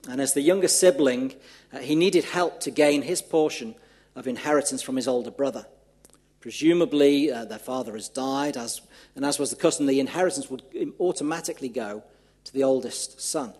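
A male minister with a Merseyside twang delivers a sermon in a church. His voice is husky and slightly breathy, sitting at an ordinary mid pitch, and his delivery is relaxed and conversational. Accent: northwest English, Merseyside. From northwest England, near Liverpool.

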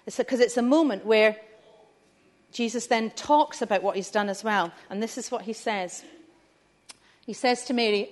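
A woman's voice: on the high side, moderate pace, pauses often. A woman leading a family church talk, chatty and asking the listeners questions. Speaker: preacher.

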